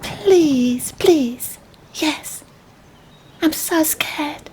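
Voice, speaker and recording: A woman's voice: sits high, extremely slow, darkish tone, slight background noise. A woman voicing a timid little park animal that whimpers and begs for food. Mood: pleading. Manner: whimpering, pleading. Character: timid small park creature begging for food.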